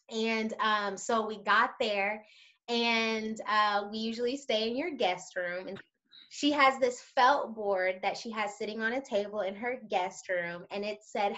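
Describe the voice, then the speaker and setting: A woman co-hosting a casual chat video, telling stories in an animated way and talking straight to the viewers. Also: mid-range voice, highs cut off. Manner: animated storyteller, addresses viewers directly.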